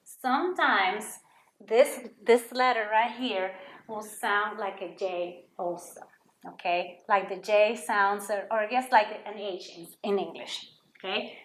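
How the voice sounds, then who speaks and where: A woman's voice: mid-range voice, measured pace, fairly bright tone, echoey room, slight background noise. A woman teaching a Spanish lesson to children, patiently sounding out words and repeating them for students to copy.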